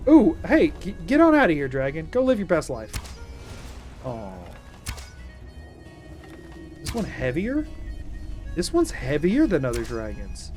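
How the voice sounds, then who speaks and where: A man with a fairly high, bouncy voice keeps up casual gameplay commentary. He jokes and talks straight to his chat. His pitch swings a lot as he reacts. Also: wildly swooping pitch, a little slow, pauses often, a little mellow, faint music behind. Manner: playful, jokey, talks to chat. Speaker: streamer.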